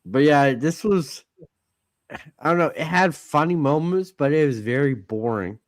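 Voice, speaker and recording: A man hosting a comic book podcast, relaxed and agreeable, inviting others to chime in. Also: on the high side, a little slow, dry recording, studio quality. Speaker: podcast host. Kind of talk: casual chat.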